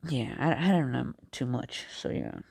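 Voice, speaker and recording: A man casually making up and telling a fan story, halting and rambling with many restarts. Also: mid-range voice, animated, creaky, a little mellow, slightly rough, no echo, studio quality.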